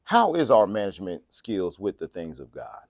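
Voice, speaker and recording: A man's voice: deep voice, wildly swooping pitch, normal speed, vocal fry, darkish tone, no echo, studio quality. A man preaching a casual, joking sermon, laughing often and acting out the people in his story. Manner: folksy and joking, laughs often, acts out quotes. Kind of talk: conversational sermon.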